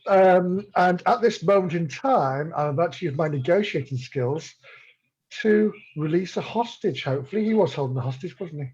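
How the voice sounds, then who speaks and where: Breathy upbeat man, slightly raised voice. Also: sits high, lively intonation, moderate pace, a little mellow, dull audio. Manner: joking, upbeat. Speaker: player. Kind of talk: casual chat.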